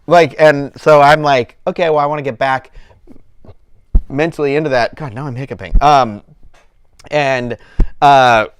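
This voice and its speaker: A man's voice: fairly low pitch, clear, resonant tone. Rambling man in his thirties, casual chat. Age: 30s. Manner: rambling, full of fillers and quoted asides. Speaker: channel host.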